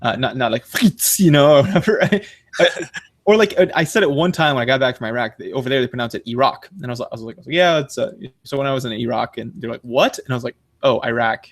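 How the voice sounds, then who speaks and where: Fast-talking rambling podcast host. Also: male voice, medium pitch, no echo. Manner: rambling, self-interrupting, swears casually. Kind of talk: casual podcast chat.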